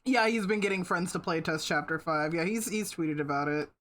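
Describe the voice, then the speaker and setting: A woman's voice: lowish voice, brisk, fairly bright tone. A woman streamer chatting casually with her viewers, swearing freely and breaking into laughter. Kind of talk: casual live-stream chat.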